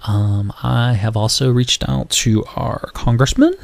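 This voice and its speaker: A North Carolina man hosts a podcast, delivering a casual monologue of rambling, filler-heavy stories. His medium-pitched voice is creaky, fairly even, and a little slow, with no echo.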